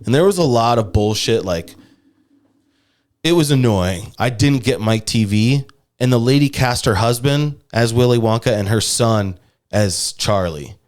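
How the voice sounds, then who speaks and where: A man's voice: medium pitch, animated, unhurried. A young man, a stand-up comic, chatting casually on a podcast, rambling and swearing, sometimes putting on voices. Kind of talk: casual chat.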